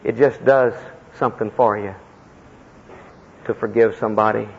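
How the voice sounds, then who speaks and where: A man preaching a sermon as a personal story, impassioned, with sudden leaps in pitch and heavy emphasis. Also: fairly even intonation, normal speed, slightly rough. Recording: echoey hall, dull lo-fi sound.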